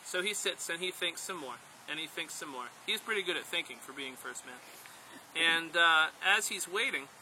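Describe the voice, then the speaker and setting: A man telling a story aloud to a group, playful and animated, speaking directly to his listeners. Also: fairly high pitch, slight background noise, poor audio. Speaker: storyteller and outdoor instructor.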